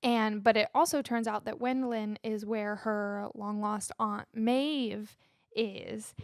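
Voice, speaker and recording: A woman's voice: medium pitch, steady tone, takes it slowly, clean tone, no echo. Laid-back woman podcaster, dry close sound. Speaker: podcast co-host. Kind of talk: casual chat.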